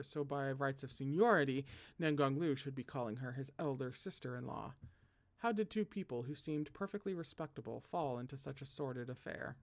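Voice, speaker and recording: A man reading a novel aloud as host of a read-along, animated and often stopping to joke and laugh at the text. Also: mid-range voice. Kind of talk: read-along narration with asides.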